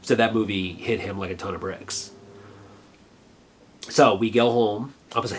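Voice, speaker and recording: A middle-aged man reminisces in a somewhat low voice, earnest and reflective. He speaks haltingly, circling back and restarting his thoughts, over faint background noise. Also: a bit bright. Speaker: vlogger. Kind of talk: personal reminiscence.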